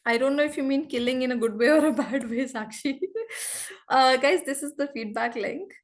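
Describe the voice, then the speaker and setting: A woman's voice: sits high, fairly quick. A woman teaching English grammar over a video call, chatty and apologetic, feeling unwell. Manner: chatty, apologetic, repeats phrases. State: unwell, feverish. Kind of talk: online class teaching.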